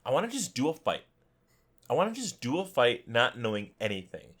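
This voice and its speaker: A man co-hosting a casual gaming podcast, talking excitedly and laughing often, on a headset mic. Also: medium pitch, fairly quick, husky. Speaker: podcast co-host.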